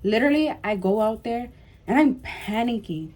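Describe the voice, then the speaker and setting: A young woman vlogger telling a storytime tale in an animated way, full of "like" and "bro" and emphatic repeats. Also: a little high, moderate pace. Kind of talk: storytime vlog.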